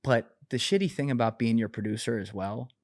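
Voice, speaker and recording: A man in his twenties, a podcast guest, telling a story in a casual, animated way, full of swearing and fillers. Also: medium pitch, fairly quick, no echo, studio quality. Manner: animated, profane, filler-heavy.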